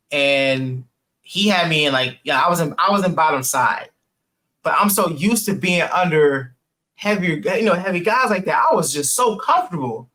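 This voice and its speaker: A young man, a podcast guest, telling animated casual stories full of "like" and "man" and acting out the voices of others. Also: fairly high pitch. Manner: animated, acts out quoted voices, laughs often; heavy use of "like" and "man". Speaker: podcast guest, jiu-jitsu purple belt. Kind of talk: casual storytelling.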